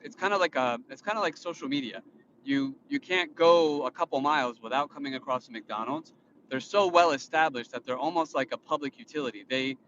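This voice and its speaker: A man in his thirties talks into his phone from inside a car, rambling through a casual vlog with constant fillers and restarts. His tone is indignant and lecturing, like he is explaining how things should be done. The sound is somewhat muffled, and clear road noise runs underneath. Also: medium pitch. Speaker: vlogger and father. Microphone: phone filming himself. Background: vehicle noise.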